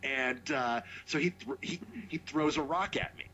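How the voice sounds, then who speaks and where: Profane storytelling man, bright voice. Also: a little high, moderate pace, dull audio. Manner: animated, profane, acts out quotes. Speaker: podcast co-host. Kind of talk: casual storytelling.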